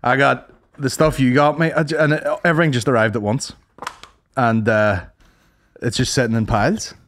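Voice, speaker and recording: A man's voice: medium pitch, steady tone, normal speed, fairly bright tone, a little hiss or hum. Man telling a story. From Northern Ireland. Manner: swearing, laughing storyteller. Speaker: podcast co-host. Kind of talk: casual chat.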